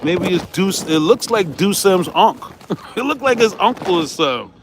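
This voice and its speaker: A high-voiced man rants at his audience, swearing freely and pushing back at his critics. He keeps tossing in "right?" and breaks off into laughter along the way. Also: expressive, moderate pace, a little hiss or hum. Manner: profane, combative, repeats "right?"; laughs often while ranting. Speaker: YouTube host. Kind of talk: heated vlog rant.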